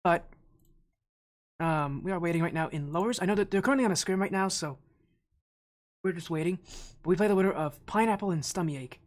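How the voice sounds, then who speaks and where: In a casual live-stream chat, an esports caster with a high-sitting voice talks fairly quickly but pauses often. He sounds a bit winded as he rambles to viewers, restarting his sentences.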